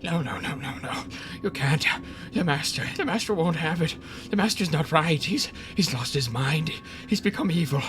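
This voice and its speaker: A man's voice: high-pitched, big pitch swings, normal speed, over music, pitched above the performer's own voice. A man voicing a small, frightened male mouse creature who stammers and pleads anxiously. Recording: noisy background.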